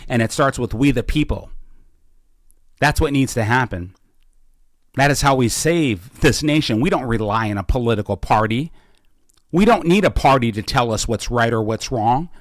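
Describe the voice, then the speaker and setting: A man hosting a podcast, talking about politics in a fervent way and building up to slow, emphatic declarations from a small studio. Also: medium pitch, expressive, no echo. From Washington State. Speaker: podcast host. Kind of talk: impassioned political talk.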